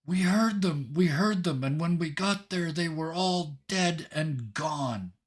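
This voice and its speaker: A game master voicing an alarmed adventurer who shouts grim news across a city gate in a raised, urgent voice. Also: male voice, a little high, expressive, slow, voice pushed up.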